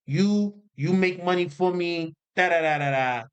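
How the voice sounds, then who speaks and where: A man's voice: sits high, a little slow, highs cut off, pitched above the performer's own voice. A man putting on a swaggering Italian mobster boss voice, bossy and showy.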